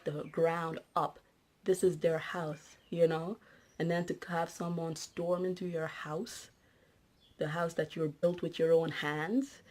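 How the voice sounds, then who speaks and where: Low-voiced indignant woman vlogger. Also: a little mellow. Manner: indignant, ranting, asks rhetorical questions. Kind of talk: casual storytelling vlog.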